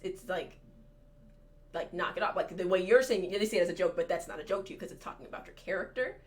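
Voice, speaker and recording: A woman co-hosting a podcast in casual chat, thinking aloud in a rambling way with many fillers. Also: fairly low pitch. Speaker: podcast co-host.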